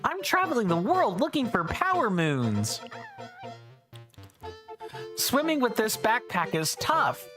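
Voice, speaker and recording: A woman reading the lines of a cheerful little male mushroom explorer from a video game in a lightly raised, bouncy voice, barely changing her own. Her pitch swings widely as she goes. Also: big pitch swings, slow pace, long pauses, fairly bright tone, soft background music, heavily acted. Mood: cheery.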